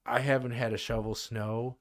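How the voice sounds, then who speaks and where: Here the same kind of speaker, a thirtysomething podcast guest from the American Midwest with a Midwestern accent, talks at a moderate pace in a medium-pitched, level voice. His casual conversation rambles, dotted with fillers and restarts.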